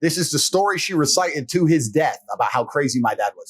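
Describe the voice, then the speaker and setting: A man raised in England, a guest in an interview, telling personal stories in a blunt, profane, animated way. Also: a little high, fairly quick, hardly any pauses, husky. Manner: animated, blunt and profane, acts out quoted voices. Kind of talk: fast personal storytelling in conversation. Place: interview set.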